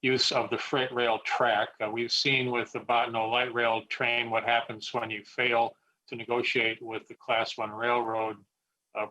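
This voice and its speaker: A man, a state legislator, asking a deliberate, halting question at a committee hearing. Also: medium pitch, flat delivery, sharp tone, slight background noise. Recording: dull, lo-fi audio.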